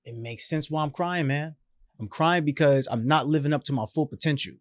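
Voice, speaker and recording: Animated fairly high-voiced storytelling man. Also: a little fast, dry recording, clean studio sound. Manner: animated, emphatic, slangy, acts out quoted voices. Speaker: podcast guest. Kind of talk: storytelling in a casual interview.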